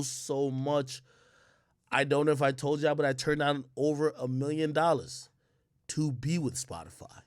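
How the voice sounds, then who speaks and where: A man's voice: medium pitch, no echo, studio quality. A man giving an emphatic, slangy opinion rant as a streamer, rambling and restarting his sentences. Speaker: streamer and commentator.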